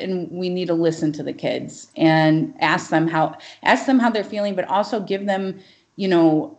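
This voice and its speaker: Earnest, emphatic low-voiced woman. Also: a little mellow. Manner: earnest, emphatic, uses "like" often. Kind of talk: casual podcast conversation.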